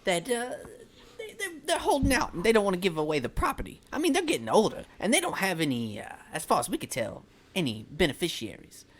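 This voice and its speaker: A man's voice: sits high, wildly swooping pitch, fast talker, voice pushed up, full character voice. A man voicing a wheedling male thug who corners someone and makes veiled threats. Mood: scheming. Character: menacing male thug enforcer.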